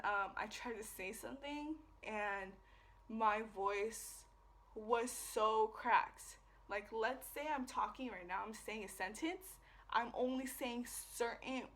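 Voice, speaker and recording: A woman's voice: on the high side, a bit bright. A young woman telling a personal story to camera in a rambling, casual way, swearing often and filling with "like". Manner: rambling, profane, lots of fillers. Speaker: vlogger. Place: away from home.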